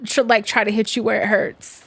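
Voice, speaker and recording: A woman co-hosting a podcast, chatting casually and telling lively stories with frequent laughs. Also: mid-range voice, fairly quick, vocal fry, husky, no echo. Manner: lively storyteller, laughs often. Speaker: podcast co-host. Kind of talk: casual chat.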